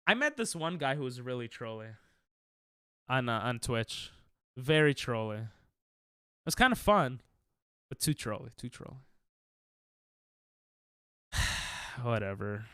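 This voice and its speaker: A man's voice: mid-range voice, big pitch swings, slow pace, pauses often, a bit bright, clean tone, no echo, clean studio sound. A male streamer in casual chat with his viewers, defensive and laughing, rambling with restarts.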